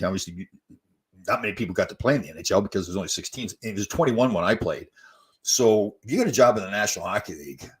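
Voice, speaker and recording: Older guy hosting a live stream, husky lowish voice, reading out viewer questions and telling stories. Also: fairly bright tone. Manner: chatty, storytelling, reads out viewer comments. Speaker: host.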